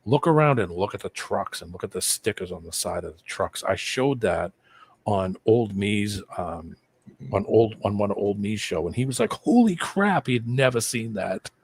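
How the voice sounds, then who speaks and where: A man's voice: lowish voice, normal speed. A man in casual chat on a live stream video call, rambling and conspiratorial as he explains something. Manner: rambling, conspiratorial, talks over the other man.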